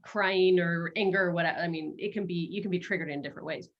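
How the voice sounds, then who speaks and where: A woman's voice: fairly low pitch, fast, highs cut off. A middle-aged woman hosting a webinar, coaching in a casual, playful way and slipping into quoted self-talk, speaking over a video call.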